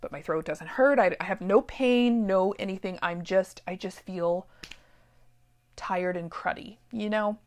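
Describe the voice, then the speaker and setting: A middle-aged woman who teaches sewing, telling a personal story in a chatty, animated way with many asides. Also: medium pitch, unhurried. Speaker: sewing teacher and shop owner. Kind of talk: casual storytelling vlog. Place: warehouse room.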